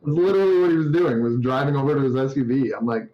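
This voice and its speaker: A man's voice: mid-range voice, rapid-fire. A man from Canada talking casually as an interview guest over a call, laid-back, laughing easily and rambling through stories. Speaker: game developer guest. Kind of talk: casual video call chat. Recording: roomy, slightly dull sound with faint noise.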